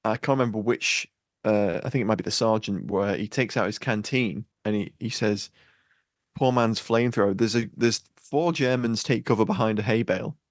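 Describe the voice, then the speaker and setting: Man co-host, low voice, dry close sound, precise on details. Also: fairly quick, no echo. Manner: agreeable, detail-minded about vehicles. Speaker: podcast co-host. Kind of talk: casual chat.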